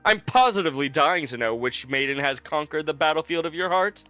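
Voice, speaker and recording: A man's voice: fairly high pitch, brisk, pushed and bright, no room sound, muffled recording, faint music behind. A man voicing a playful, teasing fifteen-year-old princess, reading game dialogue aloud in a raised, girlish, polite voice.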